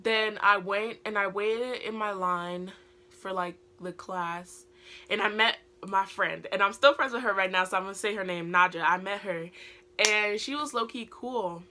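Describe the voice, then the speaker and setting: British teenage girl, rambling storytime vlogger, crisp bright tone, lots of fillers. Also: mid-range voice, moderate pace. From Britain. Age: teens. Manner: rambling, heavy use of filler words. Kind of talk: casual storytime vlog.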